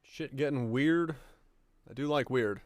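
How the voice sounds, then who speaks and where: A man's voice: mid-range voice, unhurried, dry recording. Laid-back man chatting while gaming. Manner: relaxed, rambling, reads chat aloud. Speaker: game streamer. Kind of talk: casual chat while playing.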